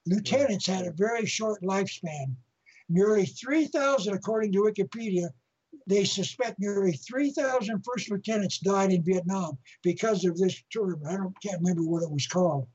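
A man's voice: sits high, normal speed, darkish tone, husky, lo-fi sound. A male interview guest telling a long anecdote, rambling and often repeating and restarting his phrases. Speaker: guest speaker.

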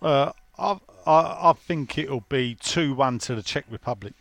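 A man's voice: medium pitch, measured pace, gravelly, a bit bright, dry recording. A man with a London accent, co-hosting a football podcast in casual, ranting banter full of swearing. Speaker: podcast co-host.

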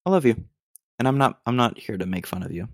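A man's voice: mid-range voice, lively intonation, fast, no echo, clean studio sound. An American man hosting a solo podcast, rambling and ranting in a mock-exasperated way with lots of digressions. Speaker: podcast host. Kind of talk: casual solo podcast rant.

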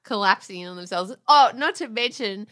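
A woman's voice: medium pitch, animated, moderate pace, bright, forceful tone. A woman co-hosting a podcast in casual chat, earnest and easily upset, often stopping and restarting her sentences. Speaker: podcast co-host.

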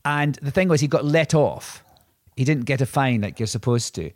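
A man's voice: medium pitch, moderate pace, no echo. Rambling man telling anecdotes, dry mic. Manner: rambling, self-interrupting anecdotes with many restarts. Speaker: podcast co-host. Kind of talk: casual storytelling chat.

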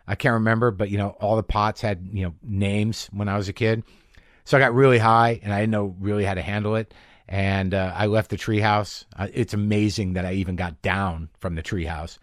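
A middle-aged man hosting a podcast from his garage, telling rambling stories in an animated way, swearing freely. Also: lowish voice, dry recording, clean studio sound. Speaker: podcast host. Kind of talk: casual monologue. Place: home garage.

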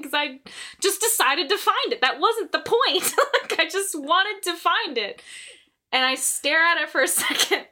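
A young woman with a high, bright voice tells a story in a loose, casual chat. She swears freely and laughs a lot between lines. Her telling is emphatic and animated. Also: measured pace.

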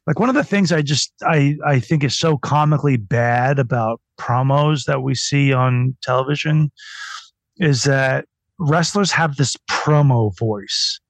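Slow-talking, irreverent male podcast guest. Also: mid-range voice, no echo. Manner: laughing, irreverent, mocking. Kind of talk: casual podcast interview.

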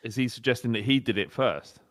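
A man's voice: medium pitch, fairly quick, a bit bright. A man co-hosting a casual football podcast from his home office, chatty, easily distracted and often apologising. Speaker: podcast co-host.

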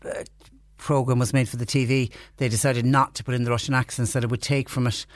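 A man hosting a radio show, relaxed and friendly, leading the chat with questions. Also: medium pitch, fast, no room sound. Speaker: radio host.

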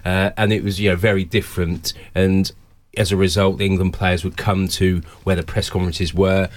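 Male sports journalist, very deep voice, halting delivery, panel chat. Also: little pitch movement. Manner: halting, repeats words when starting sentences. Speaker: football journalist.

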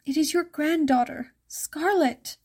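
In a soft, breathy whisper, a woman plays a frightened, gentle young peasant girl, using tearful and old-fashioned formal speech. Her voice is high and a little slow, pitched above her natural register for this whispered role-play.

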